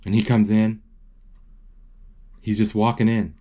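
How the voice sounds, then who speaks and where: A man casually retelling a film as he watches it, halting often with restarts and fillers. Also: lowish voice, little pitch movement, warm tone. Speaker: amateur narrator retelling a film.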